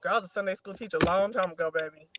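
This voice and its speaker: A middle-aged woman hosts a livestream on a streaming mic, casually chatting and telling her viewers a story while repeatedly calling them "girl." Her voice is on the low side and rapid-fire, with background noise behind it.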